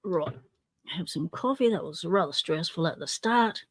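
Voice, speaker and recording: A woman's voice: fairly low pitch, lively intonation, moderate pace, no echo, studio quality. An Australian woman hosting a casual livestream, chatty and self-deprecating, greeting viewers one by one by name. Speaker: livestream host.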